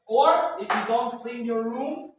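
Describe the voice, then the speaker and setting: A male English teacher with a high voice, speaking slowly and patiently to his class. He keeps checking understanding with a questioning "right?". The sound is very echoey and distant, with faint background noise. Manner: patient, repetitive, ends phrases with "right?". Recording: very echoey room, far from mic, faint noise.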